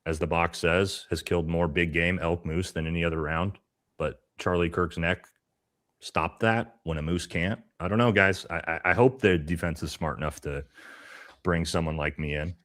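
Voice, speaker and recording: A man's voice: deep voice, fairly even intonation, normal speed, fairly bright tone. A man giving blunt, casual commentary as a panelist on a live stream, pressing his points with rising emphasis.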